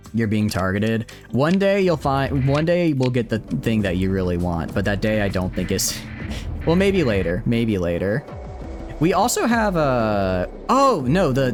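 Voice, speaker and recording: A man streaming a game who rambles, thinks aloud and answers chat as he plays. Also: on the low side. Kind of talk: casual live-stream commentary.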